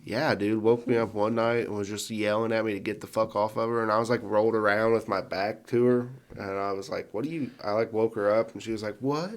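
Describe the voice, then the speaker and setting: A man's voice: fairly low pitch, level tone, fairly quick, hardly any pauses. A man co-hosting a comedy podcast, telling stories with a laugh and acting out what others said. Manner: laughing storyteller, acts out quotes. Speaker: podcast co-host. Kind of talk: casual comedy chat.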